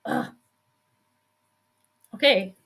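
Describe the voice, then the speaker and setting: A woman's voice: very slow, fairly bright tone. A woman casually chatting at home on her live stream, laughing often and saying "like" a lot. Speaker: sports astrology streamer. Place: home workspace.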